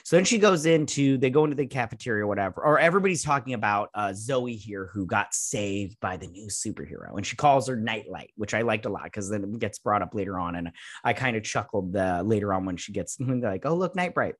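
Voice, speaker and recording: A man's voice: lowish voice, expressive, a little fast, no room sound, clean studio sound. A man hosting a casual episode review, rambling and blunt with plenty of swearing. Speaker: show host reviewing a TV episode. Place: at home with a dog nearby.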